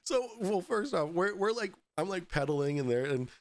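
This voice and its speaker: A man's voice: high-pitched, big pitch swings, normal speed. A man hosting a podcast, telling a story in a casual, profane way, often laughing through it. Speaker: podcast host.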